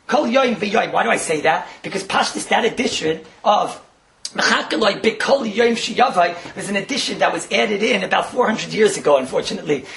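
Animated man teaching a Torah class. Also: sits high, moderate pace, vocal fry, slight background noise. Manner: animated, laughing as he talks.

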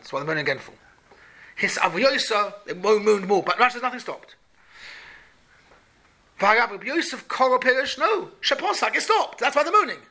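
Torah teacher, man, high and bright, animated questioning lesson. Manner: questioning, animated, repeats points. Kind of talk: Talmud class for boys.

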